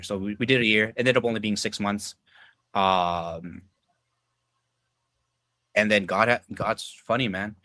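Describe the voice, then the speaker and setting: A young man with a low-set but bright, edgy voice talks as a podcast guest, telling stories loosely and casually. He swears freely, says "like" constantly, and slips into the voices of people in the story. The recording is close and dry. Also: no echo. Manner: loose and profane, heavy filler words, acts out quoted dialogue.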